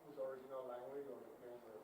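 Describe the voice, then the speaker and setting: A man in the audience asking a hesitant, halting question. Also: mid-range voice, little pitch movement, background noise. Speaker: audience member. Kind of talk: question from the floor. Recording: distant, echoey hall mic.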